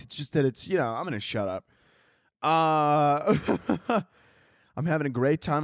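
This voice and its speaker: A man's voice: on the high side, animated, moderate pace, no room sound, clean studio sound. Crude rambling male podcast host. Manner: crude, rambling, laughing at his own jokes. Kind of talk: casual comedic monologue. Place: home, downstairs by a Christmas tree.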